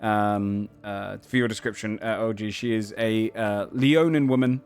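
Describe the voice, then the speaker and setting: A man's voice: on the low side, steady tone, a little slow, a little mellow, smooth, faint music behind. Casual male game master narrating. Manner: casual, many fillers and hedging "kind of".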